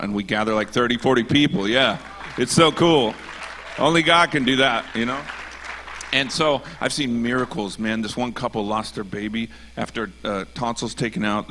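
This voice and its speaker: A man tells his testimony on a church stage in a loose, conversational way. He is earnest and animated, and he slips into other people's voices when he quotes them. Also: on the low side, slight background noise. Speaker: guest speaker. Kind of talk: casual testimony storytelling.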